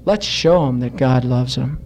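A male pastor preaching a sermon to his congregation in an earnest, exhorting way, slowing down for emphasis. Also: medium pitch, a little mellow, slight background noise. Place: church.

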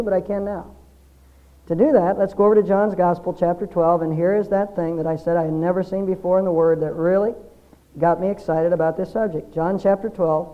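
A man preaching a sermon, explaining scripture earnestly and building emphasis through repetition. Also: high-pitched. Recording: dull lo-fi sermon recording.

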